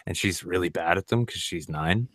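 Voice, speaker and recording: A man's voice: low voice, moderate pace, a bit bright, no room sound, clean studio sound. A man in his thirties hosting a live stream, chatting casually and rambling through stories. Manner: rambling storyteller who mimics accents. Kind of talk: casual podcast chat.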